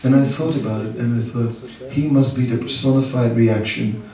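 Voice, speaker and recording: A middle-aged monk giving a seminar talk, self-mocking and anecdotal, laughing often and rambling with fillers. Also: male voice, mid-range voice, fairly even intonation, moderate pace, mellow. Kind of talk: spiritual talk to a live audience. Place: large seminar hall. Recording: echoey hall, distant mic, audience.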